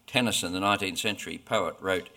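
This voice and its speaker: A man preaching a sermon in a slow, deliberate, earnest way, pausing often between phrases. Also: sits low, pushed and bright. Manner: slow, deliberate, earnest delivery with frequent pauses.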